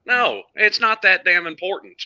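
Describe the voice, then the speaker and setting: An easygoing man in casual stream banter, agreeable and folksy. His tone is sharp and bright, and the feed sounds dull and lo-fi. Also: high voice, normal speed. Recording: muffled lo-fi stream audio.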